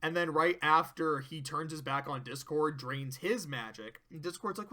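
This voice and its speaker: Bright-voiced man rambling through an episode recap. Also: a little high, moderate pace, hardly any pauses. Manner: rambling, profane, self-interrupting. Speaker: cartoon episode reviewer. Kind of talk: casual recap commentary.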